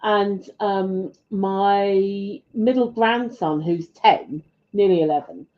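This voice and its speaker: A woman's voice: mid-range voice, slow. Chatty older British woman, lo-fi sound. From Britain. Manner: chatty, rambling, laughs often. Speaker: co-host of live chat stream. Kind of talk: casual chat.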